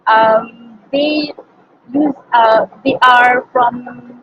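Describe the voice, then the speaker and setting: High-voiced young Malaysian woman, hesitant. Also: highs cut off, a little hiss or hum. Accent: Malaysian English. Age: young adult. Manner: hesitant, many fillers and self-corrections. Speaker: student interviewee. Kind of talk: casual interview answers.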